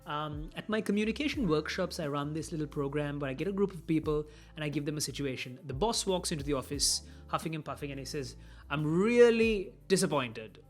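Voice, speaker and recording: A man's voice: a little high, quick pace, few pauses, faint music behind. Man giving casual communication advice. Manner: conversational, acts out quoted dialogue. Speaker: communication trainer. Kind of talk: casual motivational talk.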